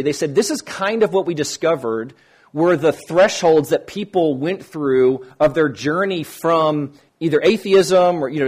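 A man's voice: on the high side, darkish tone, breathy edge. A man giving an informal teaching talk on Christian apologetics, speaking conversationally and acting out quoted dialogue. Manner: conversational, restarts often, acts out quoted dialogue.

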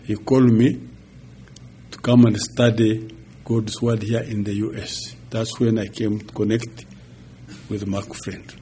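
A man in his sixties, a pastor giving a halting, chuckling personal testimony. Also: lowish voice, little pitch movement, dark tone, slight background noise. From Uganda. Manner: slow, halting storytelling with chuckles.

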